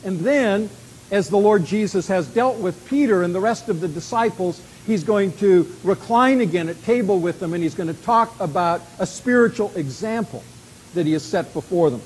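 A male preacher with a fairly high voice, delivering an expository sermon. He speaks emphatically and swings between hushed, quiet passages and loud, forceful stretches. A faint hiss sits under the voice. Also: animated, moderate pace, low-quality recording. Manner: emphatic, with dramatic swings in loudness.

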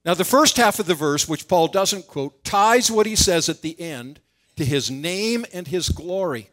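High-voiced man preaching earnestly. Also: lively intonation, measured pace, a bit bright. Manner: earnest expository preaching, acting out quoted lines with rising voice. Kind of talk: sermon.

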